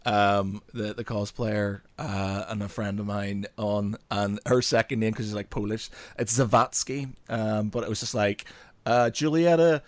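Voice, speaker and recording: A man's voice: on the low side, measured pace, no room sound. A man co-hosting a podcast in casual chat, swearing and laughing as he rants. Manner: swearing, laughing, animated ranting. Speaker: podcast co-host.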